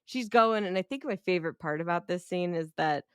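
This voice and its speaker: A woman's voice: lowish voice, expressive, a little fast, clear, resonant tone, no room sound, clean studio sound. A young woman co-hosting a casual movie review podcast, chatty and swearing freely while retelling scenes. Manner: chatty, swears freely, acts out characters' lines. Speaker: podcast co-host.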